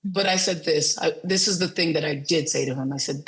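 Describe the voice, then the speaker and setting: A woman's voice: low voice, fairly quick, husky, poor audio. A woman, a film producer and director, guesting on an interview podcast, talking in a rambling casual way with many fillers and restarts. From United States, raised as military kid.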